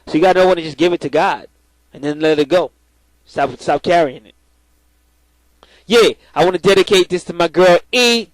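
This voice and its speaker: A man's voice: high-pitched, normal speed, pauses often, no echo, rough recording. A man giving spiritual advice to his viewers in a blunt, profane, preachy way, often repeating words as he starts. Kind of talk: casual spiritual talk to camera.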